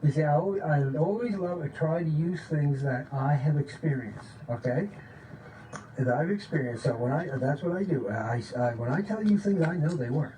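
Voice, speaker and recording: A man giving an informal, excited spiritual talk, often checking in with "okay?" and sometimes dropping to a low voice to demonstrate. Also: normal speed. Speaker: spiritual teacher. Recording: distant mic with faint background noise.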